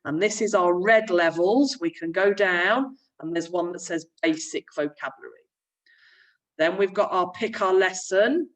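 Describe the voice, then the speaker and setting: A woman's voice: lowish voice, measured pace, far from the mic, poor audio. A young woman, a primary school teacher, chattily explaining a remote lesson while sharing her screen. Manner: friendly, chatty classroom explaining.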